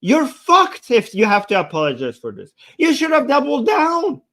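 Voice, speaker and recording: This man's extremely high voice swings hugely in pitch, sounding pushed and bright at a moderate speed. As a political commentator, he delivers a sarcastic, agitated reaction rant to viewers, going back over the same points and getting louder.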